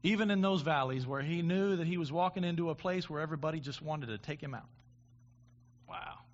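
A man preaching a sermon, with halting restarts, building to impassioned preaching. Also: on the high side, dull audio. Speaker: pastor.

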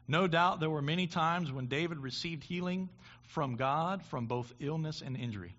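A man's voice: fairly high pitch, expressive, fairly bright tone. Man preaching a sermon, lo-fi. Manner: halting restarts, builds to impassioned preaching. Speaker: pastor.

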